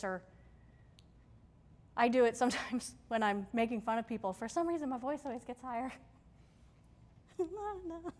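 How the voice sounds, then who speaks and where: Woman presenter, conversational and emphatic. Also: high-pitched. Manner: conversational, emphatic, checks in with the audience. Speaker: workshop presenter. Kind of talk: live technical-community workshop talk. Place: meetup room with audience. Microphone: handheld or stage mic.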